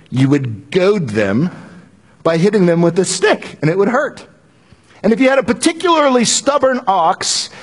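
A fairly high-voiced male preacher talks through a sermon in a husky, slightly breathy voice. He speaks in a casual, joking way and often restarts his sentences as he explains. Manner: conversational and joking, with frequent restarts. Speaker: pastor.

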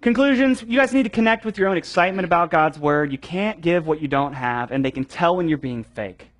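Animated young man teaching a class. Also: a little high, a little fast. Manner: animated, conversational, many fillers and restarts; acts out voices of students for effect. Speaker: children's ministry trainer. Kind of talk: teaching a training session.

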